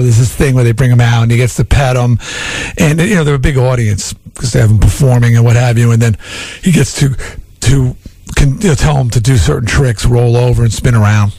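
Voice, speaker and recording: Gravelly rambling male radio host. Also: medium pitch, steady tone, a little fast, warm tone, dry recording. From Long Island. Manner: rambling storyteller with many restarts. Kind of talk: casual talk radio chat.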